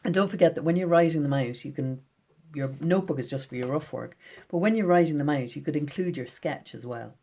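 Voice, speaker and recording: A low-pitched woman teaches schoolchildren in a gentle, encouraging tone. She reads her poems out slowly and with care. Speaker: poet teaching children. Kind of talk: recorded lesson for schoolchildren.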